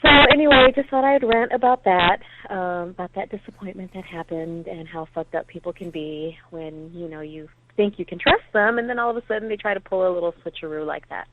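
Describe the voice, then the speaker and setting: A frustrated woman phones in to vent, her story spilling out with animated bursts of feeling. Her voice comes through a tinny phone line with a faint hiss behind it. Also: on the low side, brisk, hardly any pauses. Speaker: caller.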